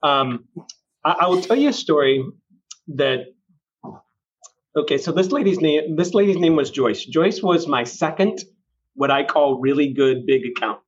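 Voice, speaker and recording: A man's voice: fairly high pitch, animated, a little slow, pauses often, muffled recording. A middle-aged man, a mortgage lender, telling a rambling story from his career in casual chat.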